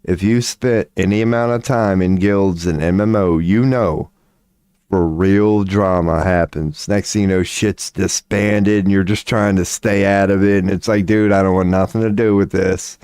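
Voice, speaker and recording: Male streamer, casual and profane, dark mellow tone, dry close mic. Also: sits low, fairly even intonation, measured pace, clean tone, no echo. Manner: profane, laughing, rambling storyteller. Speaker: livestream host. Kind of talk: casual livestream chat.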